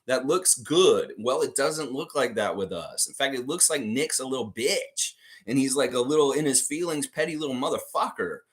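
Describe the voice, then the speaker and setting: A man's voice: medium pitch, lively intonation, normal speed. A man hosting a live sports fan stream, ranting heatedly about coaches, swearing and laughing as he talks.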